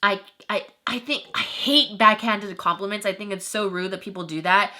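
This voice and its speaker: Bright-voiced young woman telling a story. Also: medium pitch, normal speed. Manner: animated and emotional, many fillers like "you know". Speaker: vlogger. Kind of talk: emotional storytime.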